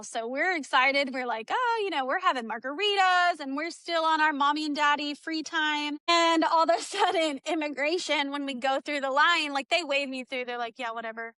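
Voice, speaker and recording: A woman's voice: high-pitched, dry recording. A woman as an interview guest, telling a personal story in an emotional, chatty way and acting out what others said. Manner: animated, acts out quoted dialogue; chatty, with frequent "like" fillers.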